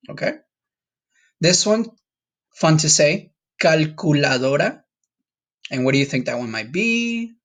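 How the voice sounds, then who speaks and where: A man from Colombia teaching a Spanish vocabulary lesson in a casual, patient way, repeating words for students to practice. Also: medium pitch. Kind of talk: recorded classroom lesson.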